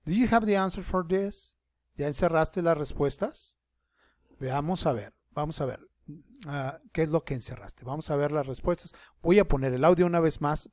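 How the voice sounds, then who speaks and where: A man teaching an online class, explaining things slowly and switching between English and Spanish. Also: a little high, darkish tone, no room sound, studio quality.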